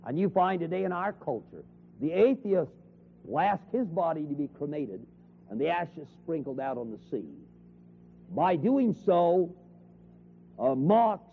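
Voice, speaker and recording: A man's voice: on the high side, breathy edge. A man teaching a Bible class in an emphatic sermon style, repeating key phrases for weight. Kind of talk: sermon lecture. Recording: tinny phone-like 1970s tape recording.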